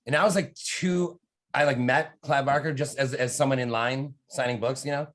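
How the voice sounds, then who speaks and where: A man's voice: medium pitch, fairly even intonation, normal speed, fairly bright tone. A man from the United States chats casually as a podcast guest. His talk is loose and rambling, full of fillers, swearing and sudden bursts of energy. He sits in the middle of the male range. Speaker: horror author guest.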